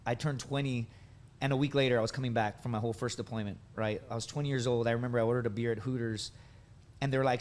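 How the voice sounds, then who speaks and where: A man's voice: mid-range voice, fairly even intonation, fast talker, a little mellow. Rambling storyteller man in his thirties. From United States. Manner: rambling, full of likes and dudes. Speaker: podcast guest, veteran and comedian. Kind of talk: casual storytelling.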